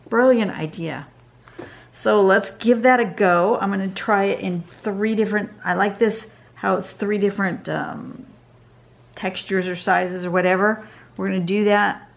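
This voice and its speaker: A tired, yawning drawing instructor gives a casual tutorial, chatting and thinking out loud as she draws. Her voice is mid-range and gravelly, recorded by a camera positioned over her drawing desk.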